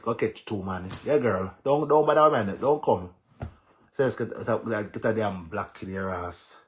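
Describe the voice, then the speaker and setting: A man with a Jamaican accent ranting on a live stream, mocking and cursing with loud laughs. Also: a little high. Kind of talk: casual live-stream rant.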